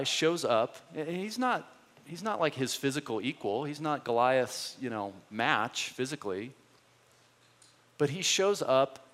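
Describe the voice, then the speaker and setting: Man preaching in a reverberant hall. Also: medium pitch. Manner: animated, conversational storytelling. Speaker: pastor. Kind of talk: sermon.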